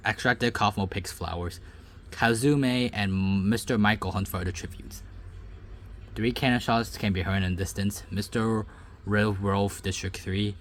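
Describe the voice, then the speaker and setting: A young man casually reading out game results and reacting with loud, surprised outbursts. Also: on the low side. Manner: reads results aloud, then breaks into loud surprised outbursts. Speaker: gaming YouTuber reading a simulator.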